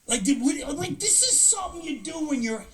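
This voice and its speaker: Very high-pitched and very animated, this live-show host rants comically at a brisk clip, his incredulity spilling into mock dialogues voiced as different characters. There's vocal fry, a fairly bright tone, and he sits far from the microphone.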